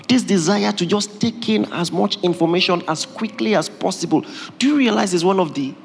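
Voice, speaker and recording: A pastor with a gravelly voice, pitched high for a man, delivers a lively, joking sermon, laughing as he goes in an animated, humorous preaching style. The hall he speaks in has a long echo, and a faint hum sits in the background.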